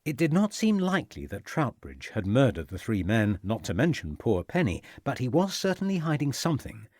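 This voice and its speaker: A man narrating a mystery novel audiobook in a measured, reflective way. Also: medium pitch, huge pitch swings, a little mellow, no echo, clean studio sound. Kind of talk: scripted narration.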